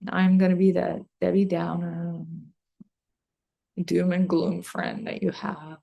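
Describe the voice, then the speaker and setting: Beauty business owner, female host; unhurried, creaky delivery, casual and heated, full of "like.". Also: fairly low pitch, steady tone, warm tone. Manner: ranty and emphatic, heavy use of "like". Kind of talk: casual talk to camera. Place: her office.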